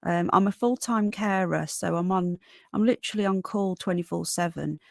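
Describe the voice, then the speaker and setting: Reading through the chat on her casual livestream, a weary Northern English woman welcomes viewers by name, calling them darling and sweetheart. She speaks at a moderate pace in a fairly low, creaky, slightly mellow voice, recorded at studio quality without echo.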